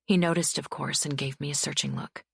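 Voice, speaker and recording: A woman's voice: steady tone, brisk, no room sound, studio quality. A woman narrating a romance audiobook in the first person. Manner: low, husky first-person reading. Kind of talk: scripted narration.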